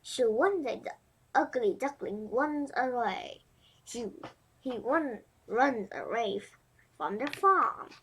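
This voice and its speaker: A woman's voice: fairly high pitch, expressive, slow, a bit bright, husky. A woman with a Vietnamese accent reading a children's storybook aloud, carefully, with small slips and restarts. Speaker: reader.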